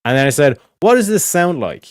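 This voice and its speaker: A man's voice: on the high side, sing-song, brisk, no room sound, studio quality. A man streaming, explaining in casual, rambling talk that is full of swearing and repeated asides. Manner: rambling, profane, repeats "do you know what I mean".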